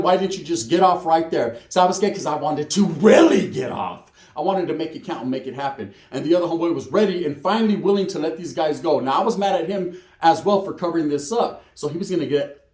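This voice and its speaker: A man's voice: fairly high pitch, a little mellow, roomy sound. A man telling a prison story in casual slangy street talk with Spanish words, acting out the other people's lines.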